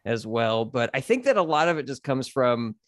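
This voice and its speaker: A man on a podcast, chatting casually and telling stories in an animated way, jumping into quick voices. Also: medium pitch, dry recording, clean studio sound. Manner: animated storyteller, acts out quick voices in his anecdotes. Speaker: podcast guest, comedian. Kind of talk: casual chat.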